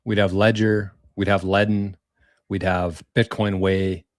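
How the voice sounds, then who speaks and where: A man's voice: low voice, level tone, measured pace, no echo, clean studio sound. A man hosting a casual live stream, thanking viewers for tips in a rambling way, repeating words and using mild slang. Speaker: livestream host reading viewer tips.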